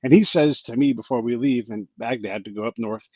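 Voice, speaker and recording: A man's voice: a little fast, slightly rough, no room sound, highs cut off. A man hosting a podcast, telling stories in casual chat and acting out the people in them. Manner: animated, acts out quoted people with big pitch jumps. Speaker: podcast host.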